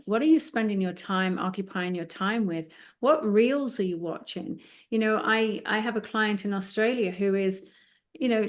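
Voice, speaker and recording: A middle-aged woman talking as an interview guest, her voice sitting in a middle register. She tells her stories with a lively, storytelling flow and plays both sides of each conversation as she recounts it. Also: mid-range voice. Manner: animated anecdotes, acting out both sides of the dialogue. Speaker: psychic medium guest.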